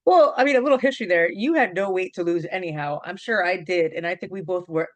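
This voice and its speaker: A middle-aged woman interviewing an old college teammate, reminiscing in a lively, laughing, storytelling way. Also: on the low side, quick pace. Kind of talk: casual reminiscing conversation.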